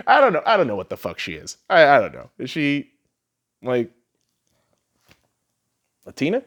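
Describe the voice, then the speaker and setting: A man's voice: a little high, huge pitch swings, normal speed, long pauses, a bit bright. A man hosting a podcast, ranting heatedly and sarcastically, swearing often. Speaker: podcast host. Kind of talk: profane solo rant.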